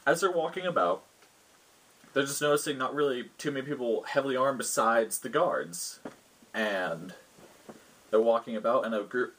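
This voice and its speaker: A man's voice: mid-range voice, a bit bright, breathy edge. A man, a game master, recounting a tabletop session in loose, rambling storytelling.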